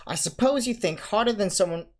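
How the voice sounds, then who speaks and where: A man's voice: fairly high pitch, sing-song, very fast, pitched above the performer's own voice. A man doing a stern, cold old professor lady. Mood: scolding. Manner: clipped, cold and scolding. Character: stern strict older female professor.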